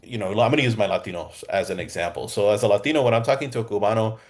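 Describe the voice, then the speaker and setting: A man coaching real estate agents in a lively, conversational way, often checking in with the listener. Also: lowish voice, rapid-fire. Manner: energetic and conversational, keeps checking in with "okay?". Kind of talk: coaching lesson. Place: Southern California.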